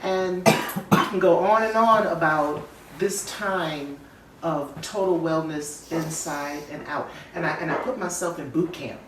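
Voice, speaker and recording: A woman's voice: sits low, measured pace, a little hiss or hum. A woman telling a personal story in a casual podcast chat, acting out quoted voices as she goes. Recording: echoey room, mic at a distance.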